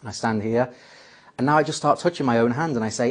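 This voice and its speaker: A man's voice: mid-range voice, fast. A man teaching a magic trick step by step, acting out the lines he says to a volunteer. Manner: explains step by step, acts out his patter lines. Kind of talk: spoken tutorial.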